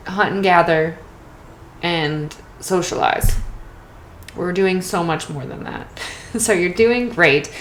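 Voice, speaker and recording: A young adult woman hosting a casual solo podcast, talking candidly and often tagging her thoughts with "right?" and a bit of swearing. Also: lowish voice. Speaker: podcast host. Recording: echoey room with faint noise.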